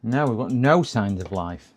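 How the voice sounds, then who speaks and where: A man gives casual running commentary on a live stream while repairing a computer, muttering to himself and chatting with viewers. His mid-range voice has lively intonation and a moderate pace.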